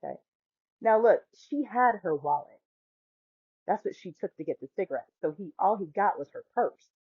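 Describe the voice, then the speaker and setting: A woman's voice: medium pitch, moderate pace, breathy edge, dry recording. Storytelling woman in her forties, phone-like. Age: 40s. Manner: animated, acts out quoted voices, laughs often. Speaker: podcast host. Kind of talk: storytelling monologue. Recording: dry, phone-like line.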